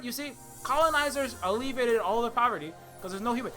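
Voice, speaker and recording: Male video essayist, bright and sarcastic, rambling, soft music bed. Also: very high voice, expressive, fast, few pauses. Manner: rambling, sarcastic, many fillers and restarts. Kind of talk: satirical commentary.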